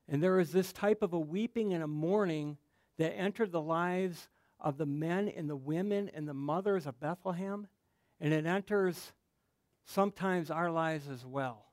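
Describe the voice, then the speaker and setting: A middle-aged man, a pastor, giving a personal sermon in an earnest, halting way that grows emotional. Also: a little high, a little mellow, no room sound, studio quality.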